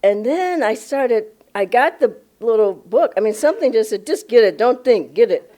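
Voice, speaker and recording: An older woman tells a personal story at a spiritual gathering. Her pitch rises and falls with animation as she reenacts her own surprise. She talks with bubbling enthusiasm and laughs often. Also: expressive, moderate pace, mellow. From Los Angeles, USA. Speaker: spiritual director giving a satsang talk.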